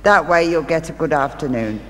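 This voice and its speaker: A woman's voice: low voice, a little fast, fairly bright tone. A woman speaking as a stage medium, telling homely stories to a live audience with chatty asides. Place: large theatre hall. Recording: reverberant live hall, faint ambience.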